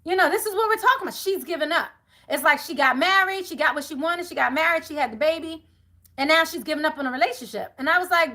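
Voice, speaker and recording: Brief: outspoken woman reader, very high, bright, lively delivery, swears freely, talks straight to viewers. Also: fast. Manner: blunt, profane, laughing often. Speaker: tarot reader. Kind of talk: animated monologue to viewers.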